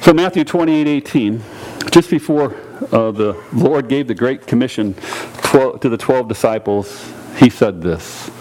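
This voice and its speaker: A pastor preaching a sermon in a church, earnest and direct, repeating key phrases and putting questions to the congregation. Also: male voice, mid-range voice, a little slow, darkish tone, a little hiss or hum, rough recording.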